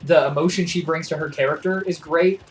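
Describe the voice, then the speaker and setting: A man's voice: a little high, fairly even intonation, brisk, a little hiss or hum. Rambling, enthusiastic man on a livestream. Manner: rambling, enthusiastic, self-correcting. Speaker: co-host of a gaming livestream. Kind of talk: casual chat.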